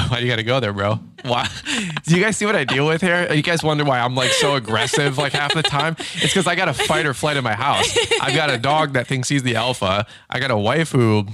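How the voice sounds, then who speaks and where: Animated young man spinning funny stories. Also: mid-range voice, fairly quick, hardly any pauses, dry recording. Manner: animated storyteller, acts out quotes, laughs often. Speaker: podcast host. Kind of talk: casual chat. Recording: dry studio sound.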